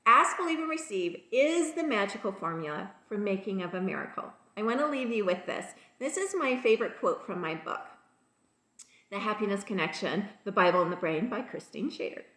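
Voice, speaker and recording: A woman's voice: medium pitch, animated, brisk, a bit bright, reverberant. A woman teaching a motivational faith talk, emphatic and repetitive, calling her listeners "you guys" and "people". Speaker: spiritual teacher.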